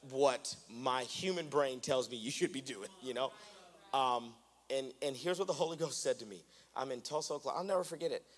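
Um pregador americano que prega um sermão em tom de conversa, brincando consigo mesmo antes de subir a voz com força. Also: male voice, medium pitch. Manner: conversational, self-mocking, builds to loud animated preaching. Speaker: preacher. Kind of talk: sermon. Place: church sanctuary.

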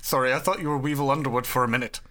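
A woman's voice: a bass voice, fairly even intonation, rapid-fire, background noise. A woman co-hosting a podcast, chatting casually in a sweary, sardonic way. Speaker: podcast co-host. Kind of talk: casual chat.

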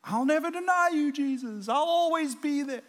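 A man voicing a proud young male disciple who makes loud, insistent vows. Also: very high voice, big pitch swings, slow, voice pushed up, exaggerated voice. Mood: boastful.

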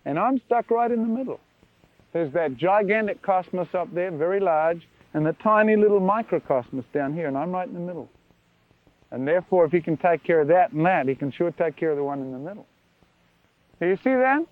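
A man preaching a sermon in an animated, wondering way, often asking his listeners questions. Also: high-pitched, brisk, no echo. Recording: dry tinny phone-like archive recording.

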